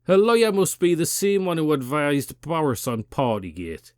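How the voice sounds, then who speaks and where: A man's voice: on the high side, big pitch swings, moderate pace, hardly any pauses, no room sound, studio quality. Sweary, sarcastic Geordie man ranting. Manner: profane, sarcastic, combative. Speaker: political commentary channel host. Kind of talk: political rant.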